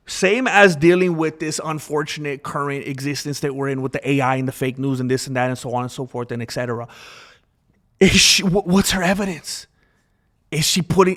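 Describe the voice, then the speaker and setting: Male commentary host, casual and animated, loops back on his points, voice sits a little high. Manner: animated, repetitive, acts out quoted voices.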